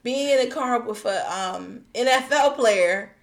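A woman's voice: on the high side, unhurried. A young woman from the Baltimore area with a Baltimore accent, co-hosting a casual podcast and telling stories with frequent laughs. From Baltimore area, USA. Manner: storytelling, laughs often, animated. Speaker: podcast host. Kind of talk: casual chat among cousins.

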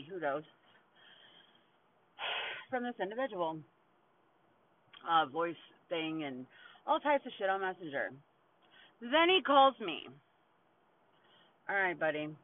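A woman's voice: medium pitch, slight background noise. A woman in her forties talks straight into a tinny, phone-like recording, venting in a loose, casual monologue. She swears constantly and bluntly, breaking into short laughs between her lines. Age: 40s. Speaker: podcast host.

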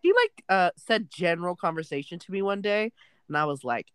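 A young woman with a notably low voice retells school gossip with a podcast co-host, her pitch rising and falling a great deal. The recording is dry and close. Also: lively intonation, brisk, clear, resonant tone, no room sound. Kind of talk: casual chat.

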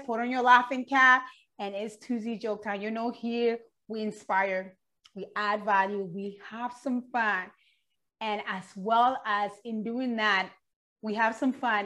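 A woman's voice: medium pitch, fairly bright tone. A woman hosting an online show, talking in an upbeat, enthusiastic way and laughing often. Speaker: show host. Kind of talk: casual chat.

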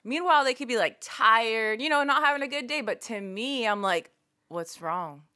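Young American woman, podcast co-host; animated casual chat, crisp bright voice. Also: a little high, moderate pace. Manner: animated, laughing, lots of "like" and "you know".

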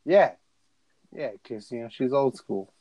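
Slow, dry-voiced young man recapping a movie. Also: mid-range voice, lively intonation, dark tone, no room sound, rough recording. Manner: profane, rambling, laughing, voices characters in the retelling. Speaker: podcast co-host. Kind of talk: casual movie recap chat.

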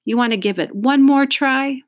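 A woman's voice: high-pitched, moderate pace, no room sound, clean studio sound, pitched above the performer's own voice, lightly acted. A woman voicing a friendly male yard teacher who speaks earnestly and encourages a student. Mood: encouraging. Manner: gently earnest, coaxing.

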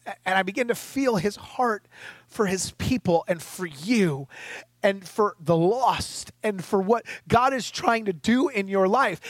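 A man's voice: high-pitched, no room sound. A middle-aged man preaching a sermon as pastor, emphatic and conversational with rhetorical questions, at times tearful and choked up.

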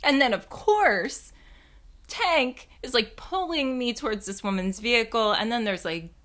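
A young woman with a bright, forceful voice tells a story in a casual monologue. She is animated and self-mocking and swears freely, and her tone stays sharp throughout. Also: on the high side, a little slow.

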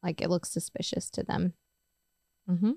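A woman's voice: on the low side, steady tone, a little slow, gravelly, warm tone, dry recording, clean studio sound. Laughing chatty New Jersey woman. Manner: chatty storyteller, laughs often. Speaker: podcast co-host. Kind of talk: casual chat.

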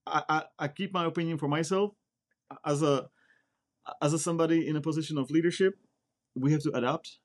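A man's voice: fairly high pitch, steady tone, brisk, pauses often. A man from the Republic, speaking bluntly and directly as an interview guest, often repeating words as he talks. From Czech Republic. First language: Czech. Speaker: guest, Air Force member. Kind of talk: casual interview chat.

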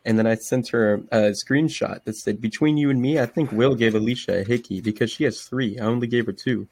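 A man's voice: mid-range voice, a little fast, darkish tone, husky, dry recording. Young man reading texts aloud, dry sound. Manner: swearing, stops and restarts himself. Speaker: podcast host. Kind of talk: casual chat, reading text messages aloud.

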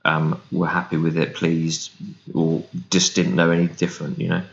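A man's voice: low voice, moderate pace, vocal fry, slight background noise. A man, a business founder, chatting casually as an interview guest and acting out what people said to him. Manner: animated storyteller, acts out quoted voices. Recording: roomy, dull remote recording.

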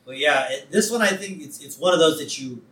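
Animated man, echoey and off-mic. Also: fairly high pitch, a little fast. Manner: animated, laughing, quotes lines in put-on voices. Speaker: podcast co-host. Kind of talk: casual chat recapping a cartoon episode. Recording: echoey room, a bit off-mic.

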